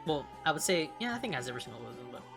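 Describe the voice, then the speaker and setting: A young woman from California, a streamer chatting casually while reading along, blunt and profane and quick to laugh. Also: sits low, big pitch swings, creaky, music in the background. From California, United States.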